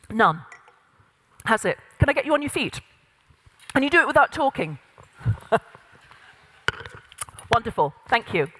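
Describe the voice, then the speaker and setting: A middle-aged woman runs a live workshop, calling out exercises and directions to a seated group. Her voice sits fairly high. The sound rings with the long reverb of a large hall. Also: husky. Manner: lively, directive, demonstrating with exercises. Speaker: voice and presence coach. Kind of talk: interactive workshop instruction. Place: large room with an audience.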